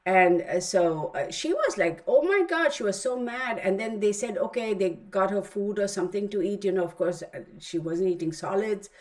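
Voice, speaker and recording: A woman's voice: medium pitch, moderate pace, few pauses, a little mellow. A middle-aged woman with a Texan accent, hosting a tarot stream and telling a long story with many fillers. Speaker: tarot channel host. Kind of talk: casual livestream chat.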